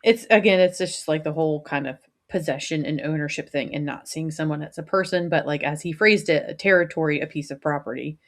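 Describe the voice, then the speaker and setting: A woman's voice: low voice, a little fast, hardly any pauses. A woman hosting a podcast, talking in a blunt, emphatic casual way. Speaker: podcast host.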